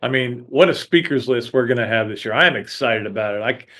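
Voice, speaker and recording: A man's voice: medium pitch, quick pace, bright, forceful tone. A man hosting a sports podcast, talking casually in a rambling, chatty way with frequent restarts. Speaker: podcast host. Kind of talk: casual sports talk monologue.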